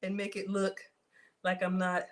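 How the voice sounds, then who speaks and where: A woman hosting a casual live cooking stream from her kitchen, chatty and excitable, talking straight to her viewers as she cooks. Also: medium pitch, unhurried, a little hiss or hum. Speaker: cooking livestream host. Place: home kitchen.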